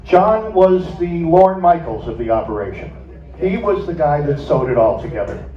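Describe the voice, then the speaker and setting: An older man, a former radio staffer, telling a stage anecdote with lively laughter. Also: fairly high pitch, normal speed. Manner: animated, laughs through his anecdote. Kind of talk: storytelling on stage. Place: stage at a music club. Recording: echoey, dull, from far off.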